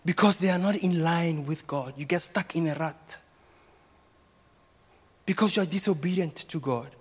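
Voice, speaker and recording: A man's voice: on the high side, moderate pace, slightly rough. A man, a pastor, preaching a sermon and asking the congregation rhetorical questions.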